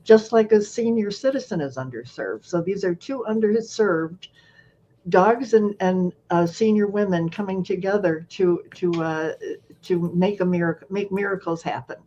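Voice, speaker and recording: A woman hosting an interview show, chatting casually and warmly and repeating words as she finds her thoughts. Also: medium pitch, normal speed. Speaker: show host. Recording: dull lo-fi sound with faint noise.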